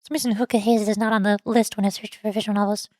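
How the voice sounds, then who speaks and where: A woman's voice: medium pitch, level tone, very fast, a little mellow, no echo, studio quality. A young woman streamer chatting casually and rambling, giggling often and stumbling over her words.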